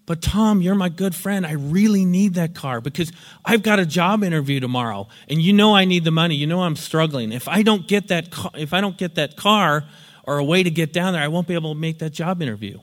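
A man's voice: on the high side, brisk, lightly acted. A man voicing a pleading, self-pitying male friend who makes excuses and guilt-trips. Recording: long hall reverb.

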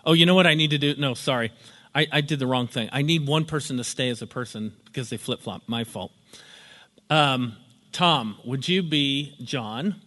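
A man's voice: mid-range voice, moderate pace, fairly bright tone, big-room sound. Conversational male workshop instructor. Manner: conversational, frequent "you know". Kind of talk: casual classroom lecture. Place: sunlit meeting room.

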